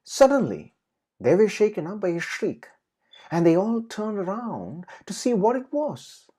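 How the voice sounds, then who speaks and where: A woman narrating a children's storybook with very expressive, swooping intonation. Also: medium pitch, unhurried, slightly rough.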